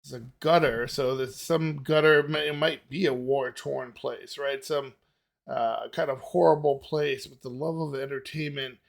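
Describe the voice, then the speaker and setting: A man's voice: mid-range voice, steady tone, unhurried, creaky. A man hosting a music reaction, thinking aloud casually with lots of fillers and restarts. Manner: musing aloud, many fillers and restarts, laughs easily. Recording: music playing behind the voice.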